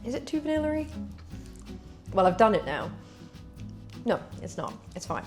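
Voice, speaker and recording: A woman's voice: medium pitch, very animated, normal speed, faint music behind. A woman chatting casually to viewers as she bakes in a cooking vlog. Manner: chatty, talks to viewers while working. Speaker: cooking vlogger.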